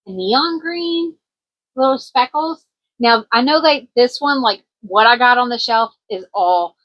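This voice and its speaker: On a muffled recording, a woman with a mid-range voice chats casually. A Kentucky small business owner with a country twang, she's doing a show-and-tell craft vlog, wandering a little and using lots of ums.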